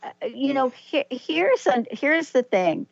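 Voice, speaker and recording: A woman's voice: high voice, expressive, takes it slowly, creaky, no echo, highs cut off. A woman hosting a radio talk show, speaking thoughtfully and reflecting aloud, often restarting her sentences. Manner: thoughtful, hesitant, with frequent restarts. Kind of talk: casual radio chat.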